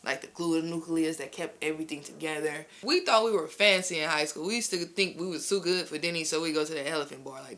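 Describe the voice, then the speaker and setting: A woman's voice: low-pitched, fairly bright tone. A young woman from East Oakland, a rapper, telling personal stories loosely, full of fillers, acting out quotes. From East Oakland, California. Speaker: rapper interviewed in a documentary. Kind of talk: casual personal storytelling.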